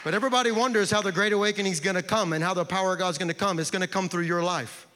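A man's voice: sits high, steady tone, racing, pushed and bright, a faint crowd, a little hiss or hum. A man preaching a sermon as pastor, impassioned, with repeated refrains. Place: large church sanctuary. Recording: long church hall reverb.

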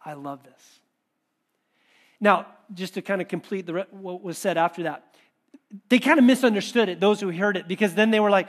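In his sermon, this high-voiced pastor talks a little fast and conversationally, regularly dropping in lively quoted asides.

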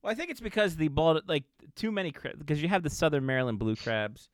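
A man co-hosting a hockey podcast in casual chat, swearing freely and rambling, often trailing off quietly. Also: a little high, expressive, quick pace, dry recording, clean studio sound. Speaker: podcast co-host.

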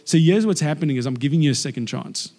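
A man in his forties from South Africa, preaching by telling stories and acting out the voices of people in them. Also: fast talker. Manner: animated, acts out quoted voices with big pitch jumps. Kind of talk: sermon storytelling. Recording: long reverb of a large hall.

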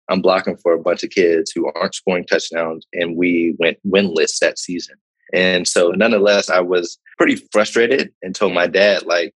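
A man from Pittsburgh in his thirties, a podcast guest telling his life story in a relaxed, reflective way with many fillers and repeated words. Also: low voice, dry recording, poor audio. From Pittsburgh, Pennsylvania, USA. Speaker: podcast guest, startup founder. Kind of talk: casual interview storytelling.

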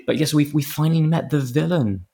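A man's voice: on the high side, a little fast, vocal fry, dark tone, husky. A man co-hosting a podcast, chatting casually with dry, rambling asides. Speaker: podcast co-host. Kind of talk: casual chat.

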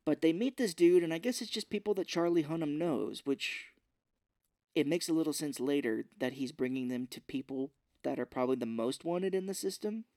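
A man's voice: a little high, a little fast, no room sound, clean studio sound. A man co-hosting a podcast, casually recapping a movie scene by scene and quoting the characters in put-on voices. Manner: animated retelling with quoted voices and laughs. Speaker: podcast co-host.

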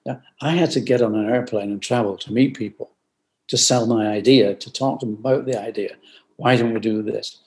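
A man's voice: mid-range voice, a little mellow, poor audio. Older man speaking over a video call. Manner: repeats phrases, clears throat often, earnest. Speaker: guest, company founder. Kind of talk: reflective interview answers. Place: at home in France. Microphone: remote video call.

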